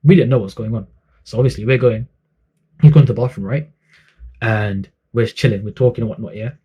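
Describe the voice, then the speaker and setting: A man tells a story in a casual, chatty vlog style, with slang fillers throughout. His voice is mellow and slightly husky. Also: medium pitch, fairly quick, muffled recording. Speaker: vlogger.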